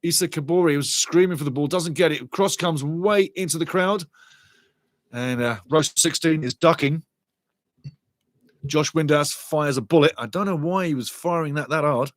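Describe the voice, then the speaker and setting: A man's voice: fairly high pitch, moderate pace, no room sound. Chatty man hosting a football watchalong. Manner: chatty, rambling, shouts out to viewers. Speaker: watchalong host. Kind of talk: live match commentary watchalong.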